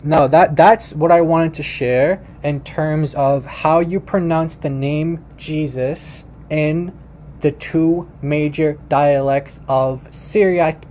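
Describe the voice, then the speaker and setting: A man's voice: mid-range voice, dark tone, a little hiss or hum. A man presenting a lesson in a casual way, restarting his sentences often and talking straight to viewers. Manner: many fillers and restarts, addresses viewers as you guys; repeats words slowly for the listener. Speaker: presenter teaching about Aramaic. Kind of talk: casual explanatory talk to viewers.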